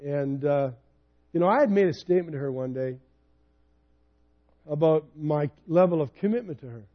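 This man, a pastor in his fifties, has a voice on the high side and talks at a normal pace over dull audio. His sermon unfolds as personal, conversational storytelling that turns animated in the retelling.

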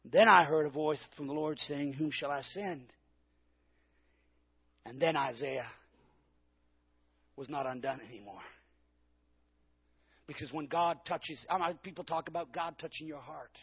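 Gravelly high-voiced man preaching loudly. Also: unhurried, long pauses, highs cut off. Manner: preaches with rising shouts and call-and-response. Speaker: pastor. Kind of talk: Pentecostal sermon.

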